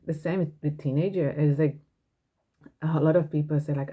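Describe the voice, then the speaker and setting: A woman's voice: low voice, steady tone, moderate pace, mellow, husky. A woman hosting a parenting podcast, talking frankly and earnestly in a casual monologue.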